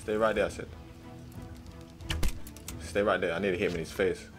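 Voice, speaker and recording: A young man giving excitable, slang-heavy let's-play commentary, swinging between muttering and loud outbursts. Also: low-pitched, moderate pace, music in the background. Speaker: gaming streamer.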